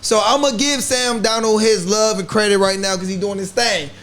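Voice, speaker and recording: A man with a very high voice talks on a casual sports podcast. He sounds playful and hyped. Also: fairly even intonation, moderate pace, fairly bright tone. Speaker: podcast co-host.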